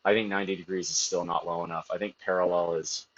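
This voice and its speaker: A man's voice: deep voice, flat delivery, fast, a little hiss or hum. A man streaming live from a gym, chatting casually and with strong opinions between sets, swearing freely, in dull lo-fi audio. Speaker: streamer working out. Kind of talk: casual workout chat while lifting.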